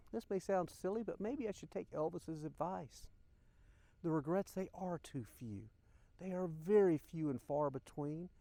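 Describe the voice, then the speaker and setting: A man's voice: fairly high pitch, mellow. An older man hosting a podcast, speaking in an earnest, emotional personal monologue and addressing listeners directly. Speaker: podcast host.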